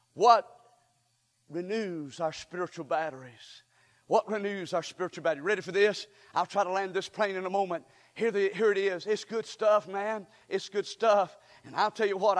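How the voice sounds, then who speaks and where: A man preaching a sermon, calling out to the congregation and building up to shouts. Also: sits high. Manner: call-and-response preaching, rising to shouts. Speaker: pastor. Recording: hall reverb.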